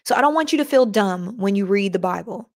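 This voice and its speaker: A woman's voice: medium pitch, expressive, brisk. A woman hosting a casual faith podcast live stream, chatting with listeners and reading their comments aloud.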